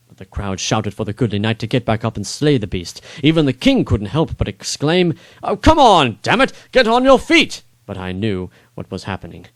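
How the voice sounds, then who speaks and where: A man reading his own first-person adventure story aloud in a dramatic, expressive way. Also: mid-range voice, no room sound. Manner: expressive, rising on action beats.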